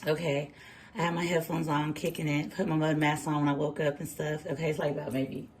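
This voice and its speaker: A woman tarot reader chatting casually and telling an animated story, laughing and using slang. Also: low voice, a little fast, a crowd in the background. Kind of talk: casual chat. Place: home kitchen, early morning.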